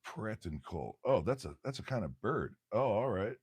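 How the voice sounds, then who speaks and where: A man's voice: lowish voice, big pitch swings, moderate pace, darkish tone, breathy edge, no echo, studio quality. A man hosting a casual livestream, reading aloud from a bird textbook, stumbling over words and cracking jokes as he goes. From United States.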